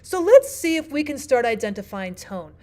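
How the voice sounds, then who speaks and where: Woman teacher explaining, slightly high voice. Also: big pitch swings, moderate pace, mellow. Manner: clear, explanatory, asks the listener questions. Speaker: language arts teacher. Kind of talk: classroom lesson narration.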